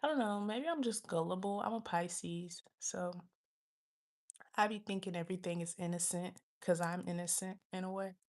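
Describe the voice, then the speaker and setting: A woman's voice: lowish voice, a little mellow. A woman in her twenties casually telling a rambling, slangy story to her livestream viewers, acting out what others said and sometimes dropping into a whisper. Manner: rambling, slangy, reenacts others' lines with quick asides; drops into whispers when swearing. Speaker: livestream host.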